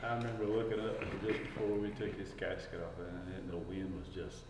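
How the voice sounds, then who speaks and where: A man, a fire chief, speaking haltingly and heartfelt about a lost colleague. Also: low voice, steady tone, darkish tone. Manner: halting, heartfelt, slow pauses. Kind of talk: casual remembrance. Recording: echoey hall from far off, clear background noise.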